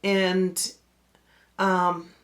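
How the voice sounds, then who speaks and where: Woman pastor, storytelling, slow pace, lowish voice, fillers, acts out quoted voices. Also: completely flat delivery. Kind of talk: personal storytelling.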